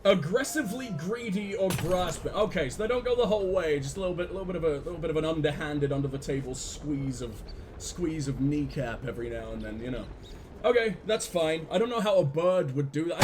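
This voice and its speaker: High-voiced, crude, joking male streamer. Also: expressive, brisk, background noise. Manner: crude, joking banter with chat. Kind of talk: live-stream game commentary.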